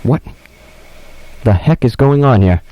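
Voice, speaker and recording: Speaking at an unhurried pace with a medium-pitched, animated voice, a man hosts a comedic radio program in a windowless studio on a studio mic and headphones. The host stumbles over words and rambles melodramatically, and the audio is dull.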